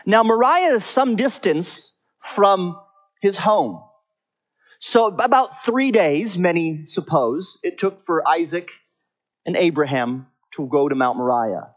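A man preaching a sermon with slow, stressed phrases. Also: high voice, lively intonation. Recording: slightly dull lo-fi recording.

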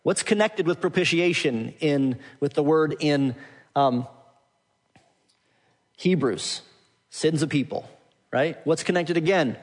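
A man preaching a sermon, teaching from Scripture and building to emphatic, forceful points. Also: fairly high pitch. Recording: long hall reverb.

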